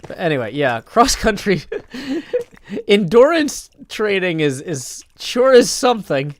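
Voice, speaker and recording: A man's voice: high-pitched, big pitch swings, slow pace, no echo. Rambling man chatting on a live stream. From Tennessee, United States. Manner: rambling storyteller, many "like"s and restarts. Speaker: live streamer playing a block-building game. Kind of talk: casual live-stream chat.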